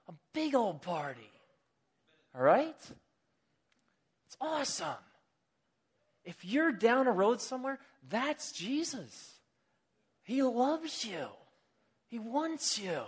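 Animated casual preacher man. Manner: animated storytelling, pitch rising with excitement; casual, chatty asides. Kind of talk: sermon.

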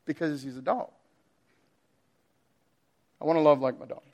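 A man with a fairly high voice delivers a sermon. He laughs often and acts out his pets' voices in playful asides. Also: fairly even intonation, normal speed, darkish tone, highs cut off. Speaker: preacher.

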